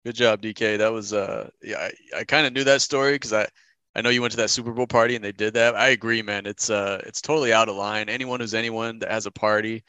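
An easygoing man co-hosting a podcast over a call. His voice sits a bit low but has a bright, forceful edge. The sound is dry and close. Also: steady tone, quick pace, clean tone, no echo. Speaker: podcast co-host. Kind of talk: casual podcast chat. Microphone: remote call mic.

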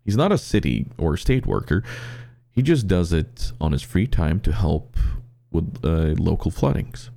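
Low gravelly male podcast host. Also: sing-song, measured pace, dark tone. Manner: rambling storyteller, acts out quotes, repeats words. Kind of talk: casual chat.

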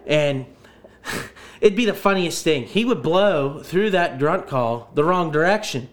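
A man chats casually as a podcast host. His voice sits a bit high, and he rambles, stumbling over repeated words as he gathers his thoughts. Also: animated, slow pace. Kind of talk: casual chat.

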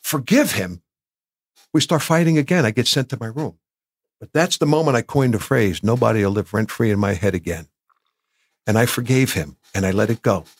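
A man's voice: mid-range voice, a little fast, no echo. A man in his sixties from New Jersey, a podcast guest telling candid personal stories with emotion and acting out what others said. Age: 60s. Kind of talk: candid storytelling.

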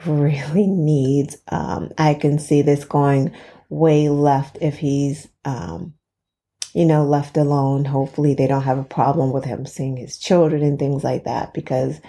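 A woman hosting a podcast, telling a story in a casual, chatty way, laughing between phrases and pausing for effect. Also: sits low, flat delivery, warm tone. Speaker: podcast host.

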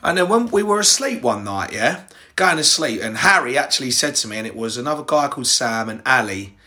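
Bright-voiced young English man, rambling. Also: medium pitch, lively intonation, a little fast. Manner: rambling, sweary, direct address to listeners. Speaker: podcast host. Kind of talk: casual personal storytelling.

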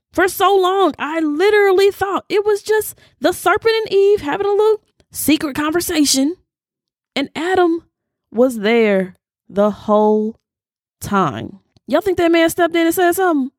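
A woman hosting a podcast, teaching scripture in a casual, animated way and talking straight to her listeners. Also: extremely high pitch, no echo, studio quality.

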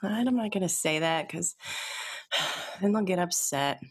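A woman hypnotherapist leading a live online group session, chatting gently with viewers and then guiding a slow, soothing hypnosis induction. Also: lowish voice, lively intonation, husky. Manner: gentle, conversational, reads chat comments aloud.

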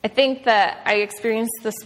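A woman's voice: fairly high pitch, steady tone, moderate pace. A woman in her thirties, a mother, giving a heartfelt, conversational devotional talk to a room of women, with many "like"s and "um"s. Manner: earnest, conversational, frequent "like" and "um". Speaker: speaker at a women's gathering. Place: large room with an audience. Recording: long reverb of a hall.

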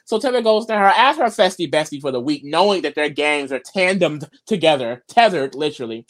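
A female podcast co-host with a medium-pitched voice speaks fairly quickly, spinning a gossipy, swear-laden recap and voicing the quotes herself in animated style.

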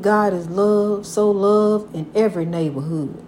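An older grandmother speaks extremely slowly at medium pitch, in a warm tone with long pauses, over slight background noise. She calls the listener honey while handing out casual, folksy, repetitive advice about God, preachy and focused on encouragement through God.

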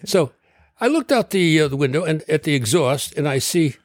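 An older man from Connecticut, a doctor being interviewed, telling a rambling story and clearing his throat often. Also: on the high side, very animated, normal speed, no room sound, studio quality. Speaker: guest, doctor.

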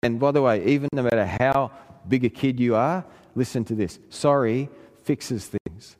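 Pastor preaching in a reverberant hall. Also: male voice, a little fast, a little mellow. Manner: earnest storytelling, pitch climbing in emphatic passages. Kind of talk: sermon with personal story.

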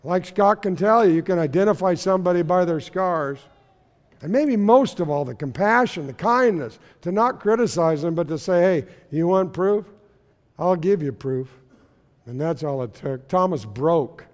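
A man's voice: high voice, lively intonation, normal speed. A man preaching a sermon as pastor, telling a story and asking his listeners questions. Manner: storytelling, asks the room questions. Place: church sanctuary. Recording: long reverb of a church hall.

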